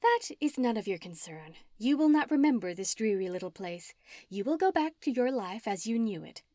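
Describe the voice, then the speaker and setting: A woman's voice: fairly high pitch, very animated, moderate pace, dark tone, dry recording, studio quality. A woman narrator voicing a scheming, gloating female witch villain in an audiobook, her lines sneering and at times hissed. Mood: commanding.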